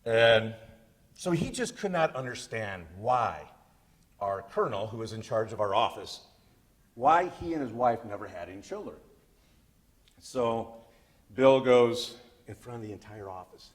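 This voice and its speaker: Male comic storyteller, lively pitch, folksy self-deprecating delivery, handheld mic. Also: measured pace. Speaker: storyteller speaker.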